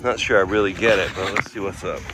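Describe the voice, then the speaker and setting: A man's voice: sits low, steady tone, fast, background noise. A man vlogging casually at an outdoor exercise park, joking and playful. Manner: joking, playful, often exclaiming. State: out of breath. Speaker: travel vlogger. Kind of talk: casual vlog chat.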